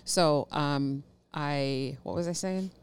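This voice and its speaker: A woman with a strikingly deep voice for her sex tells a story in a loose podcast chat. She swears casually and laughs as she goes. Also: slow, crowd noise. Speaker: podcast co-host.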